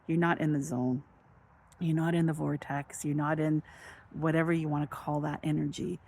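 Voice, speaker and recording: Low-voiced woman musing spiritually. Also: flat delivery, moderate pace, gravelly, darkish tone, a little hiss or hum. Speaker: spiritual vlogger. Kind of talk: casual storytelling and spiritual musing.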